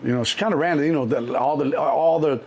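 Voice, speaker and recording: A middle-aged man from Chicago, a guest telling animated street stories, acting out the voices in the quotes and swearing freely. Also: fairly high pitch, fairly quick, creaky. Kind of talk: storytelling interview.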